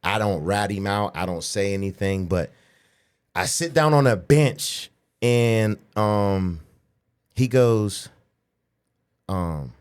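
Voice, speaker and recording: A man in his forties, from the Pittsburgh area, telling a profane childhood story as a podcast guest, animated and acting out the voices of people he quotes. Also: on the low side, slow, long pauses, smooth. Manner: profane, animated, acts out quoted voices, frequent "you know what I'm saying". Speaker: podcast guest, pro bodybuilder. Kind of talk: casual storytelling in a podcast interview.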